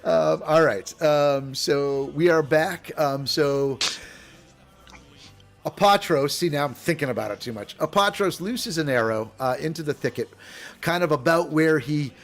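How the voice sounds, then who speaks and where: A man's voice: fairly high pitch, measured pace, faint music behind. A man running a tabletop game as dungeon master, rambling with many fillers and frequent laughs. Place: home streaming setup.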